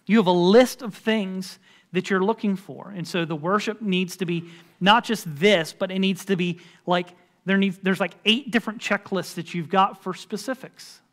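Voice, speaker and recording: A man's voice: sits high, fairly even intonation, normal speed, a bit bright. A man preaching a sermon as pastor in a church, conversational and emphatic, with frequent filler words. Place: church sanctuary.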